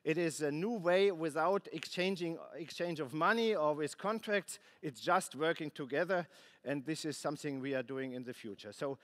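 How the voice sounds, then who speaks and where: A man heading a space agency gives a conference keynote, halting and restarting often, with dry asides. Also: a little high, fairly bright tone. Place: conference plenary hall.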